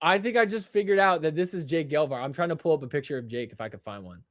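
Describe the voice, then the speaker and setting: A young man hosting a live stream, joking and excitable as he reacts to clips and laughs often. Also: fairly high pitch, quick pace, no room sound, studio quality. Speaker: livestream show host. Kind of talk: casual live-stream commentary.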